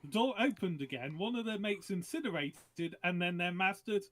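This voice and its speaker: A man's voice: sits high, moderate pace, fairly bright tone. A man at a tabletop game recapping events in plain storytelling. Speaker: player.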